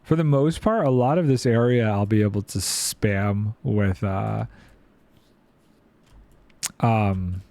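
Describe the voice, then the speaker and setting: A man's voice: lowish voice, takes it slowly, vocal fry, long pauses, a little mellow, no room sound. A man streaming a building game, chatting playfully and thinking aloud while reading chat. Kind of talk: casual gameplay commentary.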